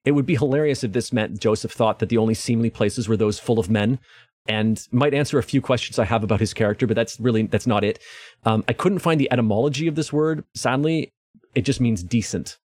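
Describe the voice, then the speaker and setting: A man's voice: mid-range voice, a little fast, darkish tone, no room sound. Dry-sounding chatty man from Canada. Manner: musing, chatty, with frequent ums and uhs. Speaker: podcast host. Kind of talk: casual book discussion.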